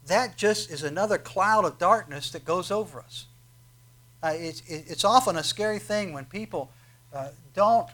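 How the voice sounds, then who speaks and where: Emphatic male preacher, slightly high voice. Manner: emphatic, rising loud on scripture quotes; frequent restarts and filler "uh". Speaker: pastor. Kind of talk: sermon.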